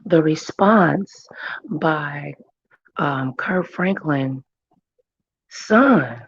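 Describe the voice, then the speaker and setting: Hoarse woman chatting slowly on a stream. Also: low voice, animated, no echo. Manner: chatty, greets viewers by name, drawling. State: hoarse, losing her voice. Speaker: livestream commentary host. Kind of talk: casual chat. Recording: dry, muffled stream audio.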